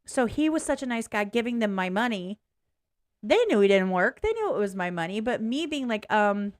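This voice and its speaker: A woman's voice: medium pitch, expressive, moderate pace. A woman vlogging casually in a blunt, candid way, swearing freely, rambling and restarting as she talks. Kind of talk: casual reaction vlog.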